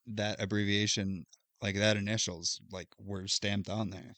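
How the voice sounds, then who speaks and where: A man talks through a video game's story for his co-host in a loose, meandering way, circling back and filling pauses as he goes. His voice sits a little low but has a bright, forward edge. The sound is dry and close. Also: level tone, no echo. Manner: loose storytelling recap, thinks aloud with fillers. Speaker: podcast co-host recapping a game. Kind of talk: casual chat.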